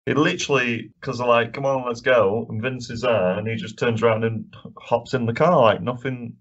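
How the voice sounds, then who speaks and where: A man's voice: mid-range voice, steady tone, normal speed. A man co-hosting a casual film review podcast, ranting and swearing often with frequent laughs. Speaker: podcast co-host. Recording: dull lo-fi podcast audio.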